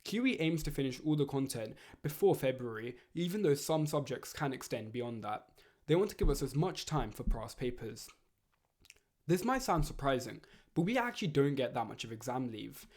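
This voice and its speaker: A teenage boy, reading out study advice in a steady, earnest, scripted way. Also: medium pitch, moderate pace. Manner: earnest, steady, read-aloud delivery. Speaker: student giving study advice. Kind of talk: scripted educational narration.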